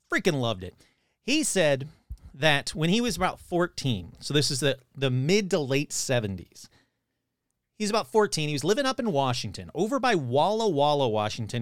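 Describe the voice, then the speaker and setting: A man with a slightly higher voice retells a story he heard, casual and animated. He jumps into the voices of the people in it and swears without a second thought. The recording is close and dry, with no room sound. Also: smooth, no echo.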